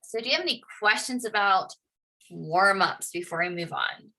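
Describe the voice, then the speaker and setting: A woman's voice: medium pitch, animated, moderate pace, bright, forceful tone. A woman teaching public speaking, explaining and encouraging her students. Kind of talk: class lesson.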